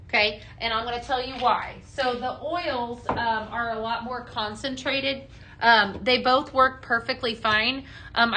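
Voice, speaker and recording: Lady host on a live sales stream, kinda high bright voice, all gushy and um-filled, answering chat questions. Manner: gushing, many ums, reads out viewer comments. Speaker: live shopping show host. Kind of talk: live product demo chat.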